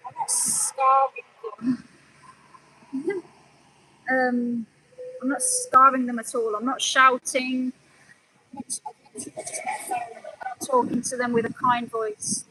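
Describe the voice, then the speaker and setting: A woman's voice: sits high, very animated, takes it slowly, long pauses, sharp tone, slight background noise, poor audio. A woman animal rights activist livestreaming outdoors, talking earnestly, pleading one moment and scolding her chat the next. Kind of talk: live stream commentary.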